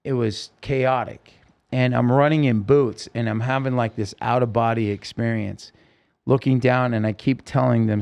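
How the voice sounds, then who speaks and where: As a podcast guest, a man tells a personal story in an interview, vividly and intensely, acting out what the people in it said. His mid-range voice is creaky with a darkish tone, fairly even in intonation, at a moderate pace.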